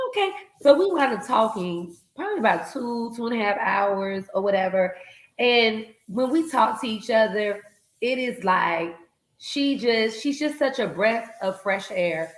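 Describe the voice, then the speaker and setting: Woman, live stream host, casual storytelling, animated, acts out voices, higher voice, roomy echo. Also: moderate pace. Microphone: video call.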